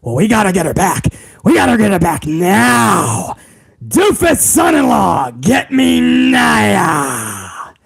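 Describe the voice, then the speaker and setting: A man doing a mocking impression of a blustering old male company boss who shouts orders. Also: sits high, huge pitch swings, slow pace, exaggerated voice. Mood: bossy. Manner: shouting, raspy, gleeful bellowing.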